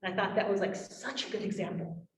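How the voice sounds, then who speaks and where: A woman giving a workshop presentation to parents, lively, acting out quotes from parents and children. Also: medium pitch, fast talker. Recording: roomy, from far off.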